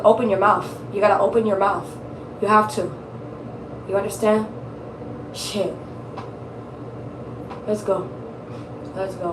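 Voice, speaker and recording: A woman's voice: medium pitch, echoey room, recorded from a distance, noisy background. A woman giving a casual tarot reading, blunt, emphatic and profane, repeating her points for stress. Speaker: tarot reader.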